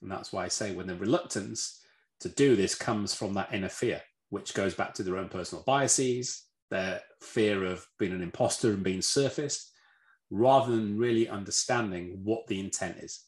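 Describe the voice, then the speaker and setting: A man's voice: lowish voice, normal speed. Man telling stories in an echoey room. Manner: animated, repeats words when starting, acts out voices. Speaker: red team leader, guest speaker. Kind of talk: storytelling answer in a talk. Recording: roomy echo.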